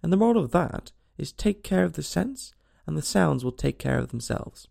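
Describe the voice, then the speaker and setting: Man voicing a moralizing old duchess, storybook, sing-song, raspy, lively pitch. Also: normal speed, heavily acted. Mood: preachy. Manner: preachy, agreeable, sing-song.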